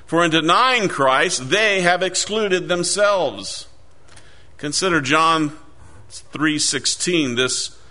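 A middle-aged man preaching a sermon, earnest and emphatic, slowing down to read scripture aloud. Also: a little high, bright, forceful tone.

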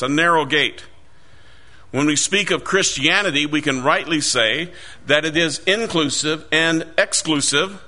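A middle-aged man preaching a sermon, earnest and emphatic, slowing down to read scripture aloud. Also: a little high, bright, forceful tone.

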